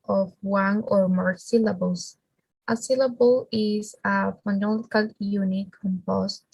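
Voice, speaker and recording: A woman whose first language is Spanish, reading a class presentation on phonology in a halting way with restarts. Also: mid-range voice, a little mellow, husky, no echo, poor audio. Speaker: student presenter.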